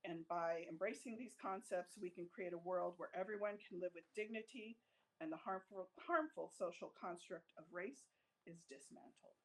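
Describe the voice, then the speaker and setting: An American woman with a fairly low voice talks at a normal speed to a live audience in an event room, captured on a low-quality recording. She's direct, blunt and joking, and keeps checking in with "right?"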